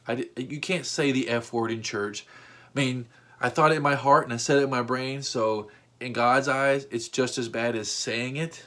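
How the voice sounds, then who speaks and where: A man's voice: mid-range voice, fairly bright tone. A man hosting a storytime vlog, telling an exasperating story with rising outbursts. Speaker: vlog host.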